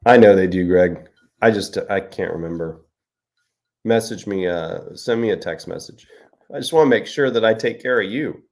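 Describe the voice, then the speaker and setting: A middle-aged man hosts a casual live-stream, joking and chatting through viewer comments. His voice is low and gravelly. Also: moderate pace. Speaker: host.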